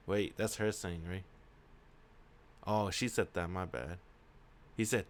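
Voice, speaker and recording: A man reading a visual novel aloud and reacting with excitable, sweary commentary, breaking into shouts. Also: low voice, slow pace, pauses often. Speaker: video game reader. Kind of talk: casual let's-play commentary.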